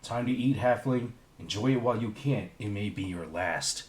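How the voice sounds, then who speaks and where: A scornful, cold prison jailer, read out by a man in a low, plain voice. The room around him rings with echo, and he does not put on any special accent. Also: moderate pace, close to an everyday voice. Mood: menacing.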